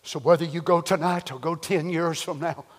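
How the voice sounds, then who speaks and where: A man preaching a sermon, moving from hushed whispers to shouted cries as he acts out the voices he quotes. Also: on the high side, steady tone, normal speed, in a large hall. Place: church.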